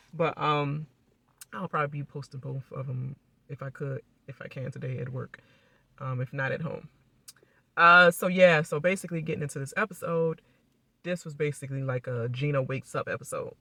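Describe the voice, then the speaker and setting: Bright, animated woman recapping reality TV. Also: sits low, no echo. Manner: rambling, animated, quick to laugh and mimic; blunt, salty language. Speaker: YouTube reality TV reactor. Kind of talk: casual reaction recap.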